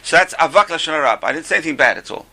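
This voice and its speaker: A man's voice: on the high side, lively intonation, rapid-fire, bright, forceful tone. An older man teaching an informal religious class, a chatty, joking storyteller.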